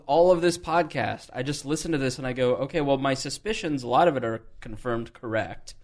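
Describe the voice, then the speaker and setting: A man hosting a podcast, talking candidly and thinking aloud in a casual political discussion. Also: medium pitch. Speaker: podcast host.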